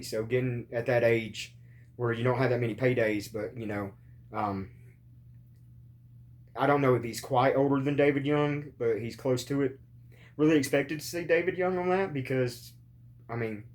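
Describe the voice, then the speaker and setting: A podcast host with a medium-pitched voice speaks at normal speed while in pain after surgery. He rambles casually, swears, and fills his talk with many ums and uhs.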